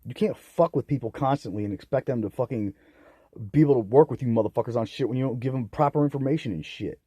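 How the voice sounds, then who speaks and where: A young man ranting angrily on his own, profane and bitter, swinging into loud outbursts. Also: medium pitch, fast, husky, no echo. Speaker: vlogger. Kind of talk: angry solo rant to camera.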